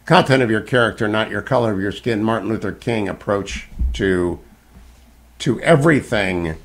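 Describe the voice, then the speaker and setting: A man hosting a talk radio show, delivering an emphatic, opinionated monologue with occasional stumbles. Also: lowish voice.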